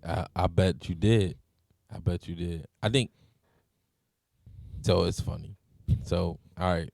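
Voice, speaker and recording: A man in his thirties hosting a casual group podcast, telling stories in a lively way and laughing often. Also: deep voice, slow pace, gravelly, no echo, clean studio sound. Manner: animated storyteller, laughs often. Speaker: podcast host.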